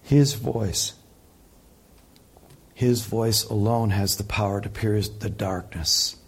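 Male preacher, slow and husky, gets loud then drops real quiet. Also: on the low side. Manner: impassioned, rising loud then dropping soft. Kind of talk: sermon teaching.

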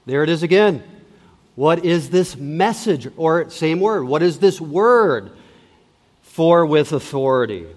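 A man preaching a sermon as pastor, stressing and repeating key words deliberately. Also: fairly high pitch, in a large hall. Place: church sanctuary.

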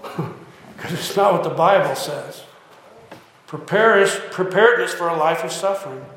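A man's voice: sits high, unhurried, a bit bright, slight background noise. A man preaching a sermon, pressing listeners with repeated rhetorical questions. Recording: heavy echo, long hall reverb.

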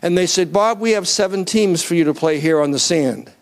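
A man preaching a sermon to a congregation in an animated way, asking for raised hands and building up to near-shouts. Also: high-pitched, a little fast. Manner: asks the crowd to raise hands.

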